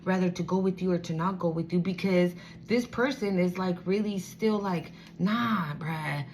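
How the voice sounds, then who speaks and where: A woman's voice: fairly low pitch, fairly even intonation, normal speed, a little mellow, a little hiss or hum. A woman giving a casual spiritual card reading, blunt, profane and streetwise, turning emotional as she reads. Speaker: tarot reader.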